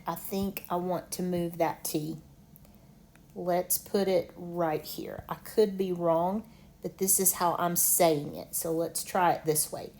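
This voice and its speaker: A woman teaching an online lesson, slowly sounding out medical words syllable by syllable. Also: lowish voice, a little mellow. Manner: slow, deliberate, sounds out syllables.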